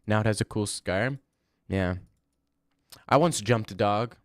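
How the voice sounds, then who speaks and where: A man's voice: lowish voice, a little slow, dry recording, studio quality. A man in his twenties chatting casually on a live stream, rambling bluntly and swearing freely. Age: 20s.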